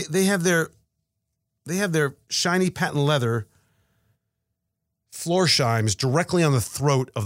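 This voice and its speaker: A man's voice: on the high side, no echo, studio quality. A man co-hosting a podcast, chatting casually about markets with rambling restarts and repeated words. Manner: rambling, stammering restarts, animated. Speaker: podcast co-host.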